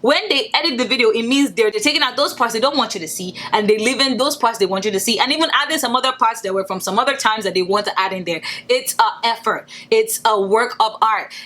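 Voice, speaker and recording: A young woman from Nigeria vlogs straight to camera in a blunt, profane rant, her bright, slightly high voice always animated. She slips into mocking quoted voices as she goes off on the topic. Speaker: beauty vlogger. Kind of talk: casual commentary vlog.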